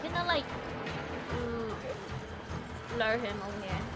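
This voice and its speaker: A young woman streaming a game, talking excitably and panicky, laughing and swearing often. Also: fairly high pitch, a little slow. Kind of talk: live gameplay commentary. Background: game music.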